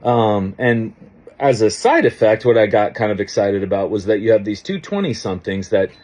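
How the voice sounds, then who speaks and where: Low-voiced man telling a rambling story. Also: animated, moderate pace, darkish tone. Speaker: coach and podcast host. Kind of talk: casual monologue.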